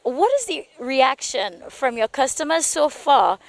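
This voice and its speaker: A woman's voice: high voice, lively intonation, unhurried, vocal fry, no echo. A woman from Saint Lucia hosting a morning TV show, chatting upbeat and promoting her guest in a studio interview.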